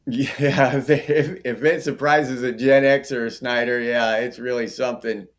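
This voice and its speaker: A man's voice: medium pitch, fairly even intonation, a little slow. A middle-aged man hosting a casual livestream, chatting and answering viewer comments by name. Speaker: livestream host.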